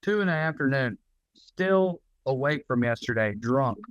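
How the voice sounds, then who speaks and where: A man's voice: mid-range voice, animated, a little slow, no room sound, lo-fi sound. A man co-hosting a podcast, ranting in casual, profane chat. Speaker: podcast co-host.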